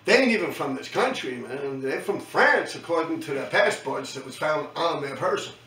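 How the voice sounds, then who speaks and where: Middle-aged New York man, fairly high, sharp voice; profane street storyteller, recorded off-mic in an echoey room. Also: animated, normal speed, recorded from a distance. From New York City. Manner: profane, slangy, keeps tagging lines with "man". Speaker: host recounting his graffiti days. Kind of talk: casual storytelling monologue.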